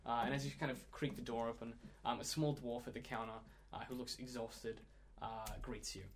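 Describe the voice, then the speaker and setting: A man's voice: medium pitch, steady tone, a little fast. A man running a tabletop game as game master, narrating with a loose, rambling delivery. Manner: rambling, many ums and restarts.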